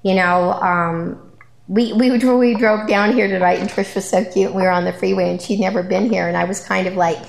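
Middle-aged woman, candid recovery share, conversational with ums, mid-pitched voice, roomy echo. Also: steady tone, moderate pace, gravelly, a little hiss or hum. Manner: candid and conversational, with frequent ums and repeated phrases. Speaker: speaker at a support group meeting. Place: meeting room.

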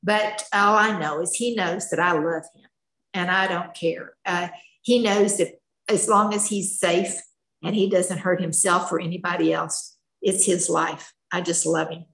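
A woman's voice: on the low side, fairly even intonation, measured pace, creaky, fairly bright tone. An older woman, a retired schoolteacher, telling her life story in a candid, plainspoken, folksy way. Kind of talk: personal storytelling, candid share. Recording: echoey room.

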